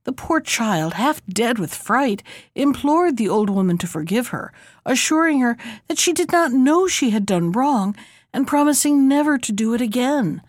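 A woman reading a fairy tale aloud in an expressive, measured storybook manner. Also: on the high side, dry recording, clean studio sound.

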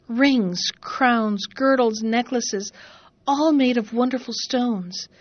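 A woman reads a fairy tale aloud in a measured, expressive storytelling voice. Her voice sits fairly high. The recording is dry and a bit dull. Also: no room sound. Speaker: narrator. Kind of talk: storybook narration.

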